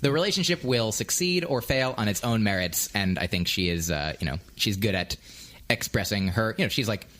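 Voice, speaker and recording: A man's voice: fairly low pitch, animated, a little fast, fairly bright tone. A young man, a comedian, in casual podcast chat into a studio microphone, joking and rambling in a self-deprecating way. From United States. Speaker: comedian guest.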